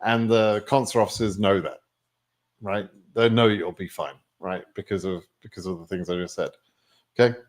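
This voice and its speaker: Talking at normal speed, an Englishman with a voice on the low side fields questions from viewers during a live stream. He keeps it chatty, with plenty of filler words, in his English accent.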